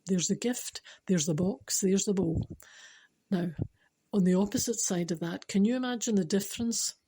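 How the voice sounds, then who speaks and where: A woman's voice: mid-range voice, normal speed, dark tone, slight background noise. Emotional Scottish woman storyteller. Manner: emotional, chatty, laughs often. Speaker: spiritual storyteller. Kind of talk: spiritual talk with storytelling.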